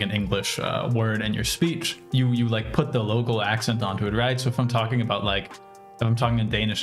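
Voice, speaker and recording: American man live-coding with soft music. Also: on the low side. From United States. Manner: thinks aloud, many fillers. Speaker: programming livestreamer. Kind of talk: casual live coding commentary.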